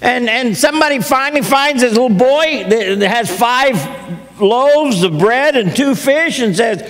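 Male preacher, higher voice, unhurried folksy storyteller; reverberant hall. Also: expressive, a bit bright. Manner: folksy storytelling, acts out quotes. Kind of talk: sermon.

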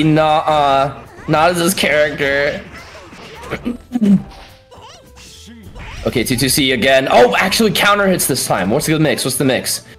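A tournament commentator doing excited fighting game play-by-play, yelling and swearing at big moments, then breaking the action down quickly in between. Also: mid-range voice. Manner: explosive yelling and swearing, frequent exclamations; calmer fast breakdowns between outbursts.

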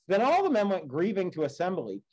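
A male teacher reads an epic poem aloud and slips into casual, chatty asides to explain it. His voice sits a bit high for a man but sounds mellow and relaxed. The asides are loose and conversational, full of fillers. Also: brisk, low-quality recording. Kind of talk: read-aloud with classroom commentary.

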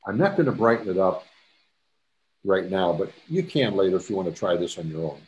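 A man's voice: low voice, big pitch swings, fairly quick, darkish tone, highs cut off, slight background noise. A man teaching a step-by-step photo editing tutorial, chatty, repeating himself and dropping jokey asides. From Canada. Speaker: photography instructor. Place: presentation to a camera club.

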